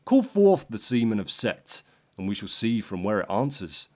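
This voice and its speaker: A man's voice: on the low side, big pitch swings, normal speed, darkish tone. A man voicing a smug young male god who speaks in mock-archaic phrases.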